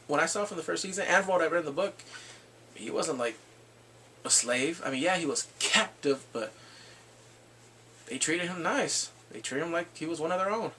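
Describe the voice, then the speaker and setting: A man casually recapping a TV episode in an excitable, rambling way, full of "like" and restarts. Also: a little high, moderate pace, long pauses, a little hiss or hum. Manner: excitable, rambling storytelling with frequent "like". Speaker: TV show reviewer.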